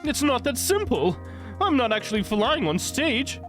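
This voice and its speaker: A man's voice: very high voice, sing-song, moderate pace, music in the background, pitched above the performer's own voice. A man voicing a flamboyant, vain male stage magician in a game, haughty and theatrical. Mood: indignant. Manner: haughty, theatrical, dramatic outbursts.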